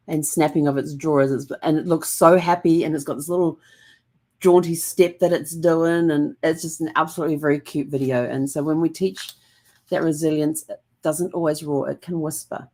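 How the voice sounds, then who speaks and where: A woman hosting a reflective vlog, talking in a gentle, calm and rambling way with many fillers. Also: sits low, moderate pace. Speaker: host.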